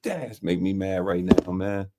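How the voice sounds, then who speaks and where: A man talks football picks in a casual, folksy way. His voice sits a bit low. He drops "man" and "y'all" constantly. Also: moderate pace, heavy background noise. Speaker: co-host. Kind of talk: casual sports picks chat.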